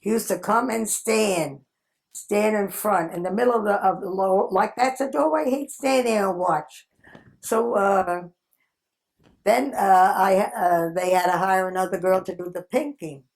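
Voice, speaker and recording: Gravelly-voiced woman in her nineties. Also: mid-range voice, unhurried. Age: 90s. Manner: animated, acts out quoted people, frequent laughs. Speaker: interviewee. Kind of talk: reminiscing storytelling.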